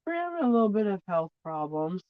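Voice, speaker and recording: A woman's voice: mid-range voice, big pitch swings, fast, dry recording, phone-quality sound. A woman chatting casually on a phone livestream, rambling between topics, swearing freely and laughing often. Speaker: livestream host.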